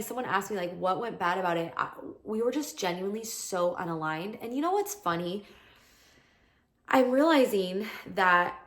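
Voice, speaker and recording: Woman, 30s, podcast host; casual chatty storyteller, middle pitch, heavy "like" filler. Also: a bit bright. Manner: chatty, peppered with "like", acts out quoted lines.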